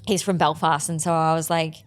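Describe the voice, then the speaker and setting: A woman's voice: low voice, little pitch movement, fairly quick. A woman from Melbourne with an Australian accent, a comedian guest telling rambling, self-deprecating, sweary stories. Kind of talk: casual anecdote-telling.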